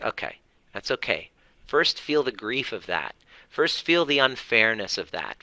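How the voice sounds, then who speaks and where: Earnest low-voiced man coaching parents. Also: normal speed, sharp tone, clean tone, no echo. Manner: earnest, repetitive, mildly profane. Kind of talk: livestream talk to viewers.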